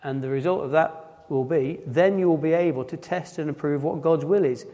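A man with a Nottinghamshire accent giving an informal sermon in church, halting and often repeating words as he restarts. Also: fairly high pitch, dark tone. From Nottinghamshire, England. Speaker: preacher. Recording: long hall reverb.

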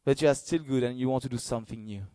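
Male preacher, earnest and halting, dry close sound. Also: mid-range voice, no room sound. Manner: halting, searching for words, earnest; gets excited and loud in bursts. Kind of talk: sermon.

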